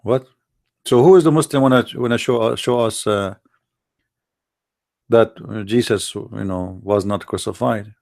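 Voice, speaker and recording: A fairly low, creaky, darkish voice comes through at a measured pace, broken by long pauses. The man hosts a live stream, debating callers over a computer mic and deriding opponents with sarcastic, taunting rhetorical questions in a mocking polemic.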